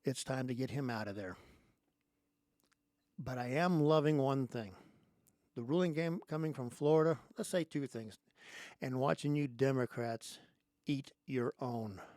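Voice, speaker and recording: A man's voice: medium pitch, a little slow, long pauses, a little mellow, dry recording. A man hosting his own show, giving an angry, sarcastic political monologue straight into a close microphone. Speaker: host.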